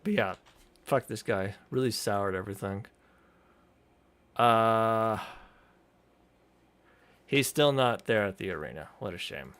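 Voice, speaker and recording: A man streamer talks over a video in loose, profane commentary, rambling and cutting himself off. His pitch swings widely as he talks. The sound is close and dry, with no room around it. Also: lively intonation, slow, pauses often, a bit bright, smooth, no room sound. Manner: rambling, swearing, frequent restarts and laughter.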